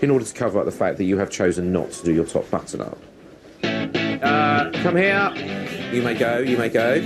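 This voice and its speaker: A man working as a deputy head teacher, speaking firmly to pupils with calm, dry sarcasm. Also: fairly low pitch, normal speed. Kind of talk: stern talk to pupils. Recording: documentary clip with background music.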